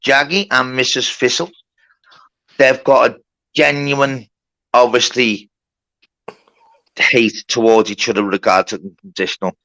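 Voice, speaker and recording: A man's voice: medium pitch, steady tone, measured pace, gravelly, long pauses, sharp tone, dry recording, poor audio. A man hosting a mock court on a live stream, laying down rules and swearing at people who interrupt. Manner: bossy, sweary, keeps order. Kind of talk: casual live-stream moderation.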